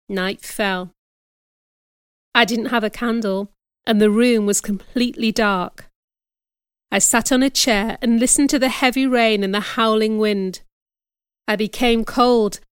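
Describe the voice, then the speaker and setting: A woman reading a storybook aloud as narrator, in a careful, steady storytelling manner. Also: fairly high pitch, smooth, dry recording, studio quality. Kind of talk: scripted audiobook narration.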